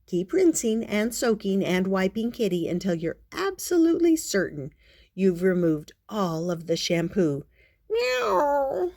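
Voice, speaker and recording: A mid-range voice belongs to an older woman cast as a storytelling grandmother. She reads a children's picture book out loud without hurrying, full of expression and playful side comments.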